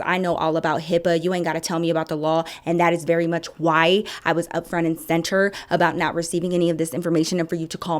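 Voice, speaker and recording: A woman vlogger telling a story in a casual, sassy, animated way, acting out the dialogue. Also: lowish voice.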